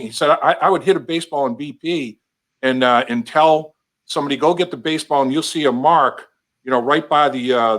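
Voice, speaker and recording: A man's voice: fairly high pitch, fairly bright tone. A man hosting a casual sports interview, enthusiastic and folksy, with stammering repeats. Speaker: interview show host.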